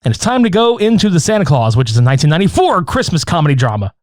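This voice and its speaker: A man hosting a podcast, his voice rising and falling a lot as he tells a story. He is profane and animated, with a slightly high pitch and a dry, close sound. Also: racing, dry recording. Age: older adult. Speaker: podcast co-host. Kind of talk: casual chat.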